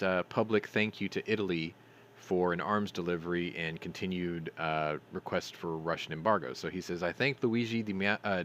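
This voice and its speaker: A man's voice: deep voice, fairly bright tone, slight background noise. A man hosting a news commentary stream, reading articles aloud and adding sarcastic, profane remarks, stumbling over names.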